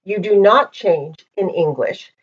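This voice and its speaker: A woman teaching a language lesson in a patient, methodical way, pausing often with ums, recorded on a poor-quality microphone. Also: medium pitch, husky. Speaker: Hebrew teacher. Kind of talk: slow explanatory lesson. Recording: dull lo-fi microphone.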